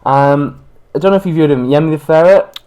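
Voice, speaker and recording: British man, podcast co-host, casual rambling chat, a touch high-pitched. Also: a little mellow, clear, resonant tone. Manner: chatty, rambling, quick asides.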